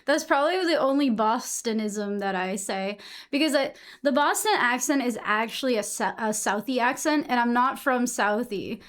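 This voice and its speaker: Young woman streamer with a high voice, from Massachusetts; loose, chatty, swears freely while answering her chat. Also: moderate pace. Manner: chatty, swears casually, reacts to chat messages.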